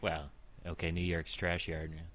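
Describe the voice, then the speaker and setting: Deep-voiced talkative guy. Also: monotone, moderate pace, fairly bright tone, no room sound. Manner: chatty, explains at length. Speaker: friend in group chat. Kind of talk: casual chat.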